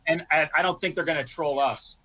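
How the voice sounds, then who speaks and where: A man joking casually with his game group, irreverent and quick with a swear. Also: fairly high pitch, fairly even intonation. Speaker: tabletop game player. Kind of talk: casual chat among friends. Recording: loud background noise.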